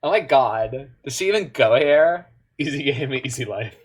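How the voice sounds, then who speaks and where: A man's voice: mid-range voice, lively intonation, normal speed, slightly rough. A man from Canada, giving casual, joking commentary while he plays an online card game, with muttered asides in between.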